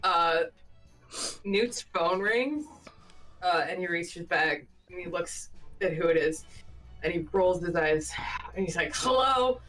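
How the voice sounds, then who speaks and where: A woman's voice: lowish voice, slow, long pauses, a bit bright. A woman narrating her character in a tabletop game, dry and matter-of-fact. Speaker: player. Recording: distant mic with background music.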